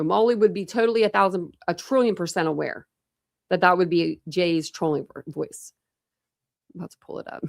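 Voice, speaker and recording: Woman, true crime stream host, rambling casual chat, gravelly fry, dry close sound. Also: mid-range voice, dry recording. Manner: chatty, many fillers and restarts.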